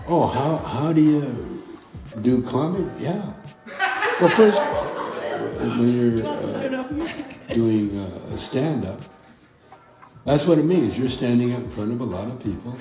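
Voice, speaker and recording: A man's voice: medium pitch, expressive, unhurried, creaky, dark tone. A man in a laid-back, rambling recorded video message, full of fillers and trailing thoughts. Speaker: actor reading a paid video message. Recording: echoey room with music.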